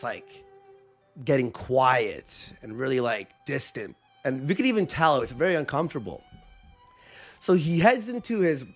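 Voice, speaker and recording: A man with a slightly higher voice tells a story on a live stream, lively and animated. He acts out other people's lines, dropping his voice low and then jumping back up. Faint music plays behind him. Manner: animated, acts out quotes with shifting voice and volume.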